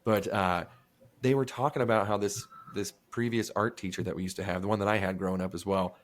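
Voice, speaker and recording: A young man hosting a podcast, telling profane, animated stories in casual chat, often acting out other people's lines. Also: fairly low pitch, fast talker. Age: young adult. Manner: profane, animated storytelling with voiced quotes. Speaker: podcast host.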